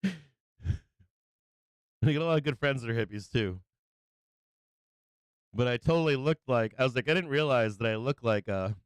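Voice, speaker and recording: A man's voice: mid-range voice, clean tone, no room sound. A man hosting a live stream who tells stories in a loose, rambling, profane way, restarting sentences and laughing as he goes. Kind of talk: casual rambling storytelling.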